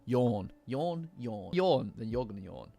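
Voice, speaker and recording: A man's voice: mid-range voice, very animated, unhurried, creaky, warm tone. A man with a lingering cough, chatting casually and rambling with his live-stream audience, swearing now and then. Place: cold room at home. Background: faint lo-fi music.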